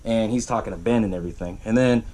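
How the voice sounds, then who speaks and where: A man's voice: fairly low pitch, fast, warm tone. A man hosting a podcast, casually recapping a horror movie plot in a rambling, profane way, full of "you know" and little chuckles. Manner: chuckles while telling it. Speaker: podcast host.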